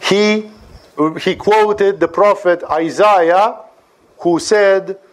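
A man giving an animated lecture on scripture, often asking rhetorical questions and checking for agreement. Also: high-pitched, very slow. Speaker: spiritual teacher.

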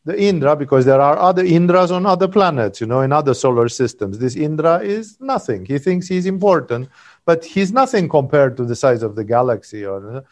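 A man's voice: a little high, sing-song, brisk. A man giving a satsang talk as a spiritual teacher, telling a story in a rambling, digressive way and checking in with "no?" and "you know".

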